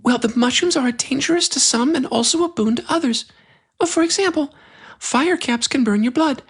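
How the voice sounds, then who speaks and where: A woman's voice: high-pitched, moderate pace, breathy edge, pitched above the performer's own voice. A woman voicing a hyper, ditzy young woman like a teen cheerleader, whose voice rises at the end of every line. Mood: bubbly.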